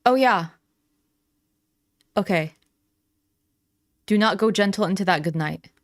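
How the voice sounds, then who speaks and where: A woman's voice: medium pitch, slow pace, no room sound, studio quality. A woman hosting a reaction stream, talking back at a clip and thinking aloud in casual commentary. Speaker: reaction channel host.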